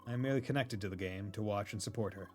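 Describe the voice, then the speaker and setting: Streamer playing a measured, formal go-between, slightly low. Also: male voice, a little mellow, soft background music, close to an everyday voice. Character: formal, secretive adult man.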